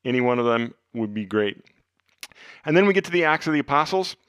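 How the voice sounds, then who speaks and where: A man hosting a podcast, teaching the Bible in an earnest, conversational way, dropping to hushed tones for emphasis. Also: mid-range voice, expressive, brisk, smooth, no room sound, clean studio sound. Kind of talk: casual teaching talk.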